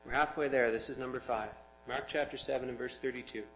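A man's voice: medium pitch, quick pace, creaky, soft background music, rough recording. A man preaching a sermon, reading scripture aloud and explaining it with rising emphasis. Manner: expressive, builds to emphatic peaks.

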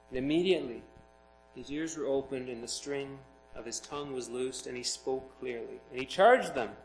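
A man's voice: mid-range voice, normal speed, a little hiss or hum, poor audio. A man preaching a sermon, reading scripture aloud and explaining it with rising emphasis. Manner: expressive, builds to emphatic peaks.

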